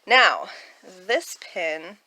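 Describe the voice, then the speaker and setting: A woman's voice: on the low side, big pitch swings, drawn-out words, sharp tone. A woman chatting casually at home about her thrift haul, rambling and laughing often. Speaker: thrift reseller vlogger. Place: at home indoors.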